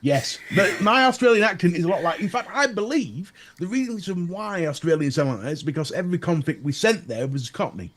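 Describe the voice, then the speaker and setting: A man's voice: high voice, lively intonation, a little fast, hardly any pauses, fairly bright tone. A Northern English man co-hosting a casual podcast chat, blunt and sweary, laughing at his own jokes. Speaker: podcast co-host.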